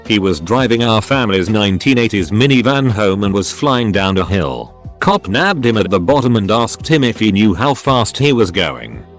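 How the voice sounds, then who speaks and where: A man's voice: lowish voice, very animated, normal speed, soft background music. A man narrating a series of short anecdotes as scripted narration.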